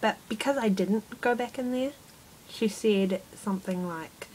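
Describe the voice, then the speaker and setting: Brief: woman vlogger, unhurried delivery, exasperated and self-mocking, casual storytime. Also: medium pitch, a little mellow, a little hiss or hum, poor audio.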